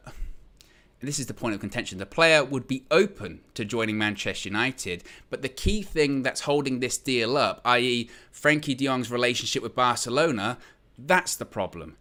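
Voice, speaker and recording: A man's voice: mid-range voice, sharp tone. A young man presenting a football talk show, ranting with passion and hammering his points home again and again. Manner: impassioned ranting, repetitive emphasis. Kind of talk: opinionated football transfer talk.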